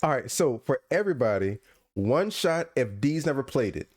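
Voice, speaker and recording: A man's voice: medium pitch, sing-song, normal speed. A man hosting a casual podcast livestream from home, playful and teasing, laughing often. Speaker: podcast host.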